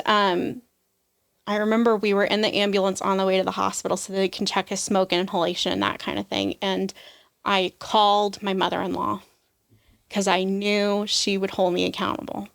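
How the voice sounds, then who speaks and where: A woman's voice: medium pitch, creaky, a bit bright. Woman telling a personal story. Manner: emotional storytelling, acts out quoted voices, frequent "like". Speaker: podcast guest. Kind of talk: personal testimony in an interview.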